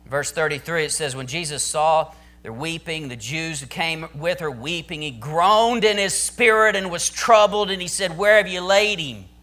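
Man preacher, high bright voice, emphatic sermon delivery. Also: normal speed, few pauses. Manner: preaching with rising, emphatic intensity. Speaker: pastor.

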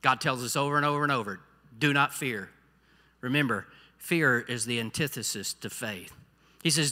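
Bright-voiced male preacher in an echoing hall. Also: mid-range voice, big pitch swings, normal speed. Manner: preaching with big swings from quiet asides to loud exhortation. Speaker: pastor. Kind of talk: sermon. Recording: long hall reverb.

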